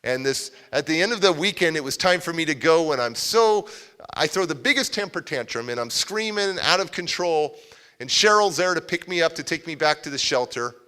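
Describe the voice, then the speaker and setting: A male motivational speaker telling a story at a live event in a large hall. He has a bright, forceful voice and an animated way of talking. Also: fairly high pitch, brisk, clean tone. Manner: animated, acts out scenes. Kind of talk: storytelling keynote talk. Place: large civic center hall, live audience.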